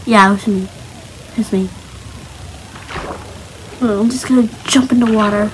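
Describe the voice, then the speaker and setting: Slow, nervous young woman gaming. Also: mid-range voice, fairly even intonation, a little hiss or hum, rough recording. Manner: nervous, chatty self-talk. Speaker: gaming channel host. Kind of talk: casual Minecraft gameplay commentary.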